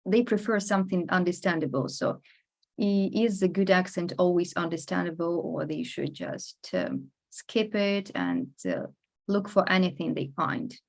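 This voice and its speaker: A woman's voice: lowish voice, expressive, moderate pace, creaky. A woman hosting a learning interview, asking questions and murmuring agreement often. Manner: attentive, frequent murmured agreement. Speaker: host. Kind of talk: casual interview.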